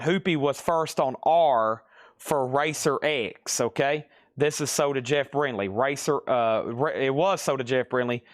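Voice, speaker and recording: A man hosting a live online record sale at a middle pitch, rattling off items and prices in a brisk, businesslike way. He checks in with the viewers now and then. His voice is close and dry, with no room sound. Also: no echo.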